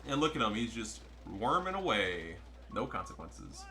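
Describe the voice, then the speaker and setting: A young man giving casual, profane, excitable commentary over his own strategy game match. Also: fairly low pitch, moderate pace. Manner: profane, excitable, trash-talking. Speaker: gameplay commentator.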